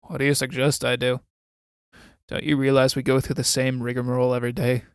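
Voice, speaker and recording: A man reading the part of a sardonic aging army captain, dry and mocking, with a smooth, resonant voice on a dry close microphone. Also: medium pitch, flat delivery, brisk, dry recording, close to an everyday voice.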